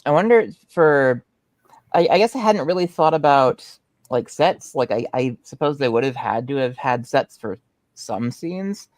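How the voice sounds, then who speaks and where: A man's voice: mid-range voice, animated, measured pace, dry recording. A man co-hosting a casual movie discussion, tentative and thinking aloud with fillers. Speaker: podcast co-host.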